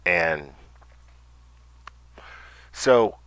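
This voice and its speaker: Low-voiced man rambling through a story. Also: expressive, very slow, fairly bright tone, clean tone, no room sound. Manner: rambling with many stammered restarts and swearing. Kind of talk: casual storytelling monologue.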